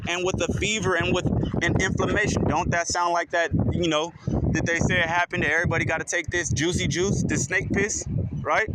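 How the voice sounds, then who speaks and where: A man with a high voice teaches scripture in an informal way, slowing down to read each verse and then breaking it down with a steady "okay?". He is recorded outdoors, and heavy noise fills the background. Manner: reads verses slowly, then explains with a constant "okay?". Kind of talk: informal scripture reading and commentary.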